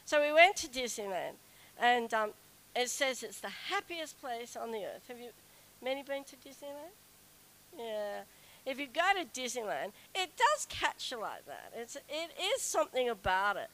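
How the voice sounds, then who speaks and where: A middle-aged woman telling a personal story to an audience in a chatty, animated way. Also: moderate pace, poor audio. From Australia. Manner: chatty, animated, acts out quoted whining in a high voice. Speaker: speaker telling a story to a group.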